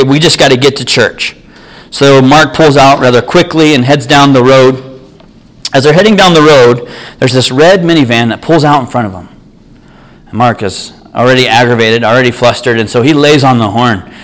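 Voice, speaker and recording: A man's voice: medium pitch, fairly bright tone, rough recording. A man preaching a sermon, telling an everyday story in an earnest, conversational way.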